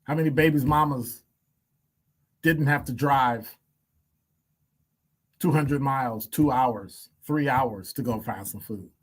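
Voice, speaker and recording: A man hosting a talk segment in plain, blunt commentary. He hammers his points with rapid rhetorical questions and dry asides, his pitch sitting at an ordinary middle height. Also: slightly rough. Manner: emphatic, piles up rhetorical questions; blunt, wry asides and chuckles. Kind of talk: opinion commentary.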